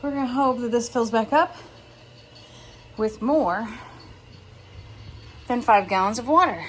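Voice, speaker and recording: A woman's voice: fairly high pitch, a little slow, long pauses, slight background noise. A woman vlogging casually on her farm, chatty and self-deprecating, talking the camera through her well problems and cooing to her animals. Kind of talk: casual vlog narration. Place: outdoors on a farm.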